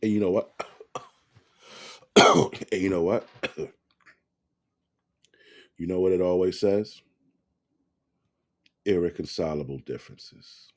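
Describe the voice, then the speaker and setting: A man's voice: sits low, slow pace, long pauses. A man giving blunt, profane commentary to camera, rambling with restarts.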